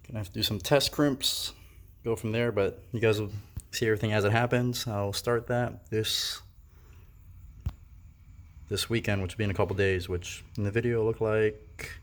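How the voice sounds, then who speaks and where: Low-voiced casual man vlogging his build. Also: fairly even intonation, moderate pace, pauses often, a little hiss or hum. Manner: casual, offhand, thinks aloud with fillers. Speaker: car project vlogger. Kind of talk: casual workshop vlog.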